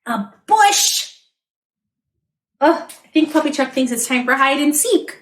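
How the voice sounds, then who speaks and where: In a slow, echoey storytime voice that is high and lively, a female children's librarian reads a picture book to children. She keeps it animated with sound effects and by asking the kids questions.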